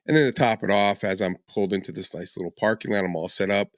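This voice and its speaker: A man co-hosts a podcast in a dry, close recording, telling a story in a lower-pitched voice. He acts out the people in it and keeps breaking into laughter as he goes. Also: fast, dry recording. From northern United States. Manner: animated storyteller who acts out quoted people and laughs often. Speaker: podcast co-host. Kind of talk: casual storytelling chat.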